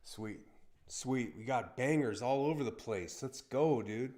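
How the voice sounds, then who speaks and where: A man streaming casual live play-by-play of a fight, excitable and chatty, repeating short exclamations and talking to his viewers by name. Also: mid-range voice, a little slow.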